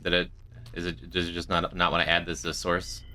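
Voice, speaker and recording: A man's voice: low voice, completely flat delivery, a little fast, bright, forceful tone. A man streaming a game, chatting with viewers in a dry, joking way. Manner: dry, joking, talks to chat. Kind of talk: casual gameplay commentary. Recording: faint music behind.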